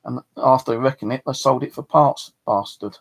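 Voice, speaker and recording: A man's voice: mid-range voice, fairly even intonation, normal speed, creaky, husky. A middle-aged man with a southeast English accent, rambling and swearing freely as he tells stories to his channel. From southeast England. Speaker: channel host. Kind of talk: casual storytelling to camera.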